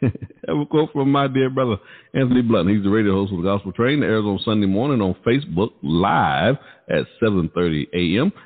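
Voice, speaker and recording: A man hosting a gospel radio show with an emphatic, showman-like announcing manner. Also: medium pitch. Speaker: radio DJ and host. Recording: tinny phone-like sound, long reverb.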